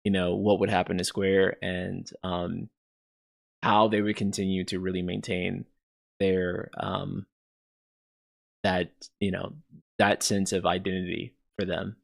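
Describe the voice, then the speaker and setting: A man in his thirties talks casually to his stream chat, with a low voice and a gravelly rasp. He rambles along, filling his sentences with "you know" and "like". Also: level tone, a little slow, long pauses. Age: 30s. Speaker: streamer host. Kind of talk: casual livestream commentary.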